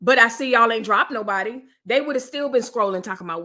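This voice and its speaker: A middle-aged woman chatting casually on a live stream, animated and joking as she reads viewer comments. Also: on the high side, fast, few pauses.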